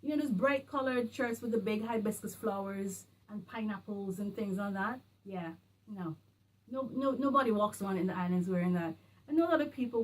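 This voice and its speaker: A woman from the Caribbean talking casually to camera in a vlog, working through a numbered list in an animated, emphatic way. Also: medium pitch. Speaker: vlogger. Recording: a bit distant from the mic, faint music.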